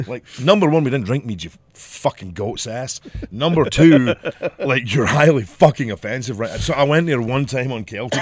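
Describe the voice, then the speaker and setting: A man's voice: medium pitch, lively intonation, moderate pace, no room sound. A middle-aged man with a Scottish accent, swearing freely and rambling through stories as a podcast co-host. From Scotland. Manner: profane, rambling storyteller. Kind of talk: casual chat.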